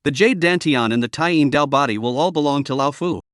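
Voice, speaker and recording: A cold, sneering old demonic cultivator, read out by a man with a slightly high voice. He talks with open scorn, every word dry and close to the mic. This is a villain in a fantasy storybook recap. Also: a little fast, a bit bright, dry recording, natural voice. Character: scheming cruel old male demonic cultivator.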